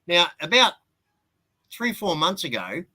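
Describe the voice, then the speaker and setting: A man's voice: high-pitched, big pitch swings, unhurried, bright, forceful tone, poor audio. An Australian man with an Australian accent, ranting bluntly and swearing freely in a casual live-stream chat.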